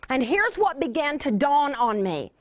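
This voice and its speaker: A woman delivering a Bible teaching to a mostly female audience, earnest with drawn-out emphasis and playful asides. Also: sits high, sing-song. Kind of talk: sermon.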